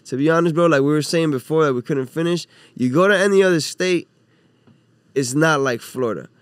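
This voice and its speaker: A man's voice: a little high, fairly quick, dry recording, clean studio sound. A man from Cuba, a podcast guest in casual chat, loose and slangy with plenty of swearing.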